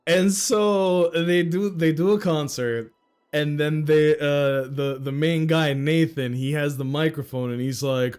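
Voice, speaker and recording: A man's voice: on the high side, fairly even intonation, a little slow, darkish tone, clean tone, faint music behind. A man livestreaming a story game, chatting casually in laid-back slang and laughing easily. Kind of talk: casual game stream reaction.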